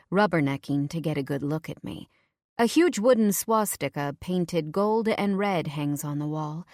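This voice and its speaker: A woman reading a first-person audiobook in a measured, low-key way. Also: a little mellow, dry recording, studio quality. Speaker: audiobook narrator.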